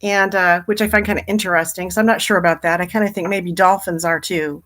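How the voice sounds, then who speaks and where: A woman's voice: lowish voice, fairly even intonation, fast, fairly bright tone. A middle-aged woman, a hypnotherapist and business coach, giving a chatty, upbeat live training talk and laughing easily.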